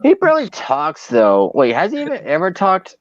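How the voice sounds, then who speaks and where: A man's voice: high voice, huge pitch swings, moderate pace, no echo. A young man co-hosting a casual podcast chat, speaking hesitantly with many ums and restarts. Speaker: co-host. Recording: dull lo-fi recording.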